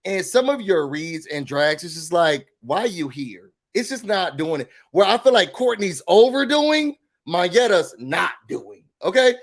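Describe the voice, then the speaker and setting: Male recap host, high-pitched, sassy and animated, casual live-chat delivery. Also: normal speed, few pauses. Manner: animated, sassy, emphatic opinions. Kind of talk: casual livestream reality-TV recap.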